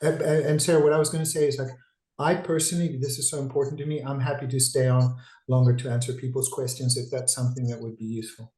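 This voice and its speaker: A man's voice: mid-range voice, little pitch movement, fast talker, mellow, roomy sound, low-quality recording. A man, a psychiatrist, giving a conversational webinar talk over a video call, digressive and full of restarts. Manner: talkative, digressive, with frequent restarts.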